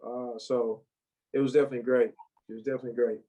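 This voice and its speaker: A man speaking as a guest on a podcast, his voice pitched in the middle. He tells his story haltingly, restarting often, and keeps holding back tears. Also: little pitch movement, dull audio. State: close to tears. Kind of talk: emotional personal storytelling.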